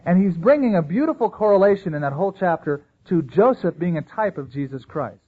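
Male pastor, sermon delivery, slightly high husky voice, narrow tinny sound. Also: brisk. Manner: animated preaching, acting out quoted voices.

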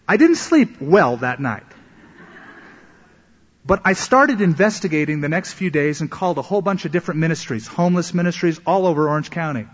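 A male pastor delivering a sermon as a story, slipping into the voices of its characters. His voice is husky and fairly high. It rings out in a long-echoing hall on a dull, lo-fi recording. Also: expressive, a little fast. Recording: echoey hall, dull lo-fi sound.

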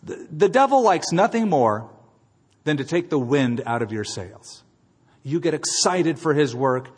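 A man preaching a sermon as pastor and leading a closing prayer, emphatic, moving between quiet and loud passages. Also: on the high side, big pitch swings, measured pace, slightly rough. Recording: long hall reverb.

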